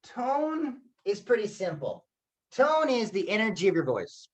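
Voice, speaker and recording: A man's voice: high voice, wildly swooping pitch, measured pace. Upbeat male teacher running an online class. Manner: upbeat, acts out quoted voices. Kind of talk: online public speaking lesson. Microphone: video call.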